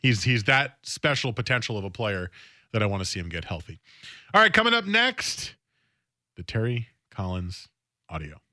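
A man hosting a sports talk radio show, talking in a conversational, animated way and often restarting his phrases. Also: fairly low pitch, moderate pace, dry recording, clean studio sound. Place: radio studio.

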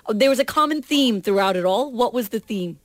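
Female radio host, brisk and in charge of the talk, dry studio sound. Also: fairly high pitch, animated, dry recording. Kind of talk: studio banter.

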